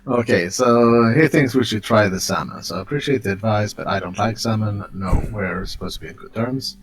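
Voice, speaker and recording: A man's voice: on the low side, fairly quick, slightly rough. A man guesting on a let's play, chatting casually with dry jokes. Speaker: co-player guest. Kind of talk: casual chat over a game.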